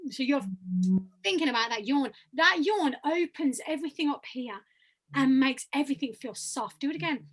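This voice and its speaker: A woman with a high, bright-sitting voice leads vocal warm-ups over a video call. She encourages her students and demonstrates each sound herself. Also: normal speed. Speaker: voice workshop leader. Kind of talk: leading vocal exercises.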